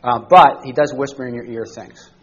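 A man's voice: medium pitch, normal speed, lo-fi sound. A man teaching a church study class to a group, talking conversationally and often checking in with the listeners by asking them questions. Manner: conversational, asks the group questions, frequent "all right?".

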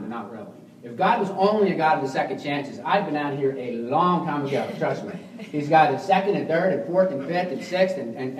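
A man preaching a sermon as pastor, swinging between quiet reflection and forceful emphasis, often restarting his words. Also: mid-range voice, roomy sound, far from the mic, a little hiss or hum, rough recording. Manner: frequent restarts and repeated words.

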